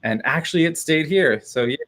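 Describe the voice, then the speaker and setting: A man's voice: on the high side, expressive, fairly quick, fairly bright tone. A man chatting casually on a live stream, rambling and cheering himself on with frequent laughs. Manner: rambling, self-encouraging, laughs often.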